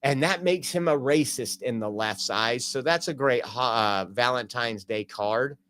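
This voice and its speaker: Speaking at an unhurried pace, this man has a medium-pitched, fairly bright voice. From home, he runs a laid-back live stream through his streaming computer, wandering through his talk, full of fillers and reading out jokes.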